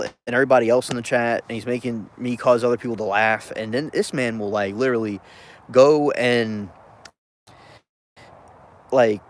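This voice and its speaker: A man ranting casually about a film he watched, rambling and interrupting himself with chuckling asides. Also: mid-range voice. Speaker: vlogger reviewing a film.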